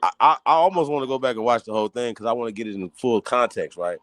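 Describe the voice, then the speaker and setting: Profane, excitable man hosting a podcast. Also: fast talker, dry recording. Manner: loud, profane, excitable, cracks high when riled. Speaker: host. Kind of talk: heated casual podcast talk.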